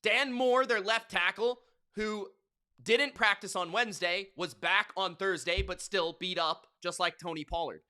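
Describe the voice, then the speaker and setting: A man delivers sports betting picks in a brash, slangy hype style. His voice is bright and edgy, and he takes his time, stretching out his words at an unhurried pace. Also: high-pitched. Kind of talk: hyped sports betting monologue.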